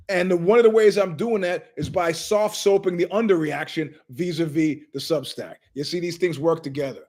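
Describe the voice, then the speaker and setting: A man's voice: sits high, fairly quick. A middle-aged man hosting his show, telling stories in an emphatic, digressive way and acting out the people he quotes. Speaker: show host. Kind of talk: animated storytelling monologue.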